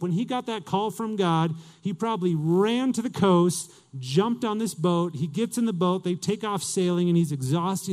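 A man's voice: high-pitched, normal speed, hardly any pauses, a little mellow. A male pastor preaching a sermon in a conversational way, asking his listeners questions and reading scripture aloud.

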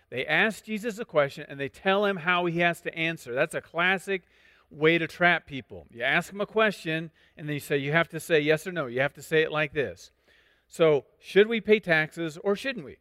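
A man with a somewhat high voice teaches a sermon in a conversational, explanatory way, throwing in asides and repeating himself as he restarts sentences. His voice carries a long reverb, as in a large hall, with little close room sound. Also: lively intonation, normal speed, fairly bright tone. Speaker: pastor.

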